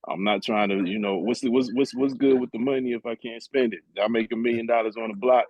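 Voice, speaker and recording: A man's voice: mid-range voice, fairly even intonation, fast, no room sound, highs cut off. A man in a casual heart-to-heart talk, telling stories in a laid-back, streetwise way. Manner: laid-back, streetwise storytelling, chuckles often.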